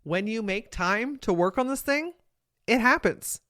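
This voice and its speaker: A woman's voice: medium pitch, moderate pace, no room sound, clean studio sound. Upbeat woman giving motivational podcast talk. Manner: energetic, emphatic, casual with occasional swearing. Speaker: podcast host and coach.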